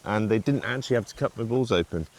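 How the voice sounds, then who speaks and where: A man's voice: fairly low pitch, quick pace, darkish tone. A man from the UK co-hosting a vlog, chatting in an easygoing, joking way while walking on a beach. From United Kingdom. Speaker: vlog co-host. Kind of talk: casual chat while walking. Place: outdoors on a beach.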